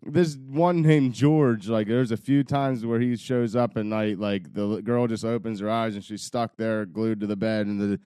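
A man's voice: fairly low pitch, fairly even intonation, moderate pace, few pauses, mellow, clear, resonant tone, no room sound. A young man co-hosting a podcast, chatting casually, rambling with frequent laughs and swearing. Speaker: podcast co-host. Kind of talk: casual chat.

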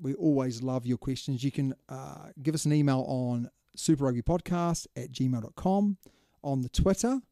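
A man co-hosting a podcast in easygoing, opinionated chat. He keeps tossing in "mate". His voice is dark and mellow at a middling pitch, and the sound is close and dry with no room around it. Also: moderate pace, few pauses, no room sound. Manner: chatty and opinionated, drops "mate" often. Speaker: podcast co-host. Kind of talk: casual chat.

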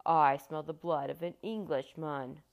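A woman doing a booming giant. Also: steady tone, a little slow, vocal fry. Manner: booming, bellowing. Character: huge booming three-eyed male giant, greedy.

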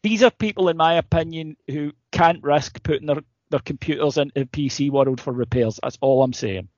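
A man's voice: on the high side, fairly quick, no echo, muffled recording. Sweary Scottish man telling a story. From Scotland. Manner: sweary, animated storytelling with quoted exchanges. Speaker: podcast co-host. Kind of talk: casual storytelling chat.

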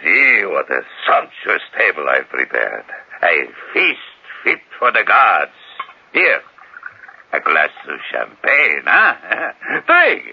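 Radio play: a brooding dictator, deep and husky, dull old broadcast sound. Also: male voice, full character voice. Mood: gloating. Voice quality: deep gravelly voice, slow deliberate delivery. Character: aging male dictator, mocking, self-pitying, lonely. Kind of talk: 1940s-50s radio drama acting.

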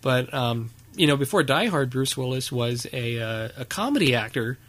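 A man's voice: mid-range voice, lively intonation, normal speed, a bit bright. A man hosting a casual podcast chat, rambling with frequent fillers and easy laughter. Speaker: podcast host.

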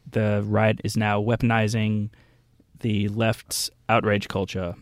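A man's voice: on the low side, little pitch movement, slow, no room sound, clean studio sound. A man on a radio panel discussion who makes his points bluntly and argumentatively.

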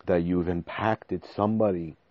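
Talking into a desk microphone, a podcast host in his forties rambles emotionally through a casual monologue for his listeners, restarting words as he goes. His voice sits low, steady, and moderately paced, in a lo-fi recording without echo.

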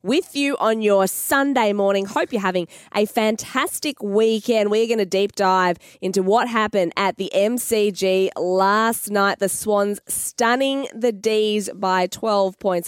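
Brisk Australian woman hosting sports radio. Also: mid-range voice, clean tone, no echo, studio quality. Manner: brisk, reads out stats and keeps the show moving. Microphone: studio microphone.

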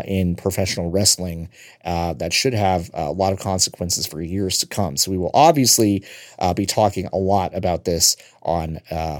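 Casting: male podcast host, very low voice, dry close sound, easygoing and rambling. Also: no echo. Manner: conversational, loose and meandering. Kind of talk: casual podcast talk.

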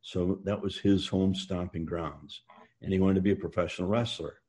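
A man with a low, deep voice and a mellow, dark tone tells long family stories in a relaxed interview. He rambles, stops to restart his sentences, and fills the gaps with "uh" and "you know.". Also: normal speed. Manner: rambling anecdotes with frequent fillers and restarts. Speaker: interview guest. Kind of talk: storytelling in a casual interview.

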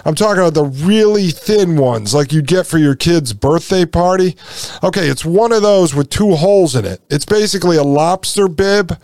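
A man hosts his podcast solo, recounting a personal story with blunt, indignant energy and casual asides. His voice sits a little high and carries a gravelly edge. The sound is dry and close. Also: darkish tone, no echo. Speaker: podcast host.

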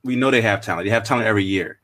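A man's voice: on the low side, very fast, a bit bright. A man co-hosting a casual sports talk show, talking in an easygoing way with many fillers. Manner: easygoing, lots of fillers, laughs along.

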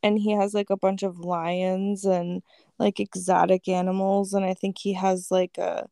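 A woman's voice: mid-range voice, flat delivery, measured pace, vocal fry, dark tone, no echo, clean studio sound. A woman telling a story in casual chat, laid-back, with lots of "like" and free swearing.

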